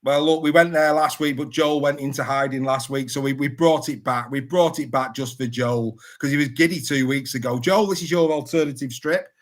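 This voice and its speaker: A man's voice: medium pitch, fairly even intonation, brisk, few pauses. A man hosting a casual rugby panel chat, teasing his co-hosts with jokey banter. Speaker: host.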